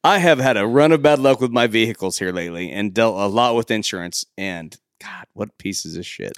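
Low-voiced man rambling in casual chat. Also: a little fast, clear, resonant tone, dry recording. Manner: rambling, with many restarts. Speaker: podcast co-host.

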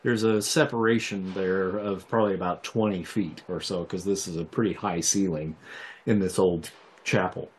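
Low-voiced game master narrating. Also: male voice, normal speed. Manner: relaxed, descriptive, with many fillers.

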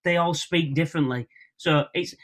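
A young man with a Hull accent, guest on a podcast, chatting quickly and laughing often over a video call. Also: on the high side, fairly bright tone. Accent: Hull, Northern English. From Hull, England. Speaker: guest comedian. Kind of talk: casual podcast chat.

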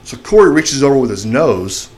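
A man's voice: medium pitch, normal speed. A man telling a long story on a podcast in casual speech, acting out the voices of people in it. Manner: animated, acts out shouting voices in his story.

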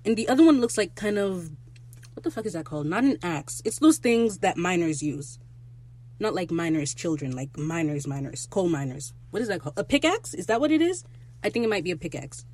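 Recap host: excitable, profane, wandering asides, casual delivery. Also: mid-range voice, fairly quick.

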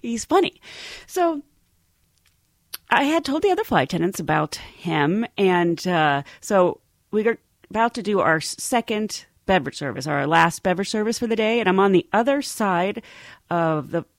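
Lively woman telling a story, dry sound. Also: mid-range voice, normal speed, no echo. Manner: animated, laughs often, acts out quoted voices. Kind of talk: casual storytelling.

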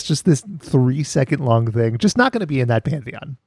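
Male podcast host, casual and wry, very animated delivery, dry close mic. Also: medium pitch, a little fast, no echo. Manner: wry, laughing, swears casually.

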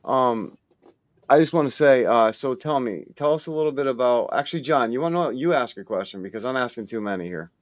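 A man's voice: medium pitch, lively intonation, brisk, no echo. A man hosting a podcast reacts to his guests with eager enthusiasm and an easy, swearing-friendly casualness. His voice sits in a middle range and is recorded close and dry. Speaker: podcast host.

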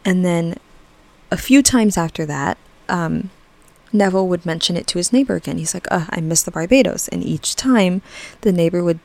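A woman's voice: fairly low pitch, normal speed, creaky, darkish tone, dry recording. A young woman hosting a podcast, chatting casually with lots of "like" and "um", light laughs and the odd swear word. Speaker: podcast host.

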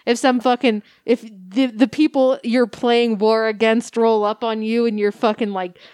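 Giggly crude woman co-host, higher voice. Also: fairly even intonation, moderate pace, darkish tone, clear, resonant tone, dry recording. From United States. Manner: laughing, crude banter with many "like" fillers. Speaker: podcast co-host. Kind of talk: casual podcast chat.

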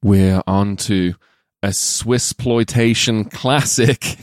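A man co-hosting a casual film podcast, excitable and swearing freely. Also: on the low side, slow, dry recording, studio quality. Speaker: podcast co-host.

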